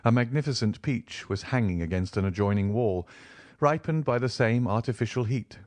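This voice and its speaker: A man narrating a classic novel as an audiobook, in a measured, even storytelling manner. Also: medium pitch, dry recording. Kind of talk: scripted narration.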